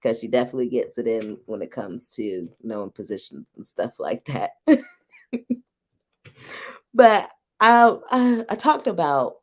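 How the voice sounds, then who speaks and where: A woman's voice: extremely low pitch, big pitch swings, a little slow, pauses often, a little mellow. A woman hosting a casual live-stream chat, frank and teasing, who laughs often between phrases. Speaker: host.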